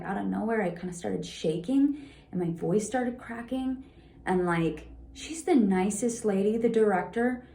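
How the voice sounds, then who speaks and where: A young adult woman talking through a personal experience in an unscripted monologue, rambling and halting, with constant "like" fillers. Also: lowish voice, warm tone, echoey room. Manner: rambling, heavy use of "like", halting restarts. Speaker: vlogger sharing personal experience.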